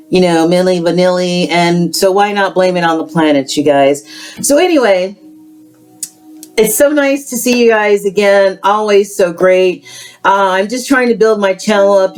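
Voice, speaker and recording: A woman hosting a tarot channel, chatting casually to her viewers with drawn-out greetings and frequent ums. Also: on the low side, a little mellow, smooth. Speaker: tarot reader. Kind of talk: casual spiritual vlog chat.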